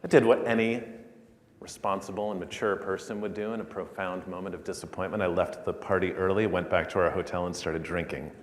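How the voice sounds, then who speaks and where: A man giving a conference keynote, telling a story in an animated way that builds to loud peaks. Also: low voice, fairly quick, slight background noise. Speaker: keynote speaker. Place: large conference hall. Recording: echoey hall, speaker a little far.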